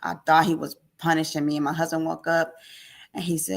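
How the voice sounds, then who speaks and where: Interview guest, woman, lower register, animated storyteller. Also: fairly quick, creaky. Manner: animated storyteller, acts out quoted dialogue. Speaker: podcast guest. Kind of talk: emotional personal testimony.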